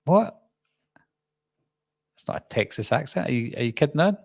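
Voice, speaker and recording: A middle-aged man with a Glaswegian Scottish accent, hosting a relaxed live stream and chatting while reading out viewer comments. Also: mid-range voice, racing, creaky, no echo. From Scotland. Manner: chatty, jokey, reads comments aloud and answers. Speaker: channel host.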